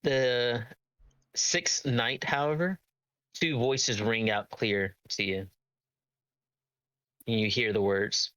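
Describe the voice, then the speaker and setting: A man's voice: mid-range voice, fairly even intonation, slow, long pauses, pushed and bright, clean tone, no room sound, rough recording. A man narrating as game master of a tabletop game, hesitant with many ums and uhs.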